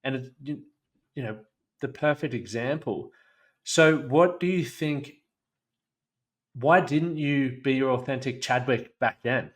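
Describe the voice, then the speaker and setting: A man's voice: medium pitch, measured pace, long pauses. A young man hosting a podcast, talking in a reflective, earnest, casual way. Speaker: podcast host. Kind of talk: conversational interview.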